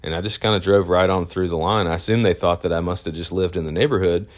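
A man with a very low voice tells a story as a photojournalist, casual and meandering. He stops and restarts often and leans on fillers. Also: steady tone, fast talker. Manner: rambling, with many fillers and restarts.

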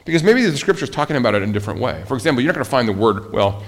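Male pastor, mid-range voice, conversational sermon, rhetorical questions, soft low emphasis. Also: sing-song, rapid-fire.

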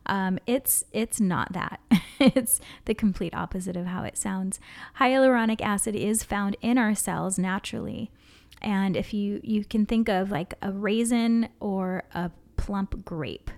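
A woman co-hosting a casual podcast, explaining herbs and her products, often dropping to a soft near-whisper. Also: medium pitch, a little slow. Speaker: podcast co-host, herbalist.

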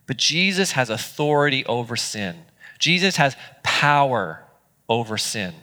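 A man's voice: medium pitch, big pitch swings, a little slow, sharp tone, long reverb tail. A man preaching a sermon as pastor, earnest and conversational, with small restarts. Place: church auditorium.

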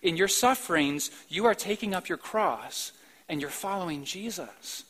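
A high-pitched male pastor delivers a live-streamed church sermon. He drops to slow, quiet stretches, then bursts out loud and emphatic on his key points. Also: expressive, breathy edge, poor audio. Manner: emphatic preaching with sudden loud outbursts and soft, slow stretches.

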